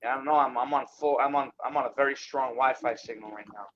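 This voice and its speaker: A man's voice: mid-range voice, steady tone, fast talker, fairly bright tone, slight background noise. A man calling into a casual group voice chat, insistent and talking over others, heard on a muffled online call. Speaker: caller.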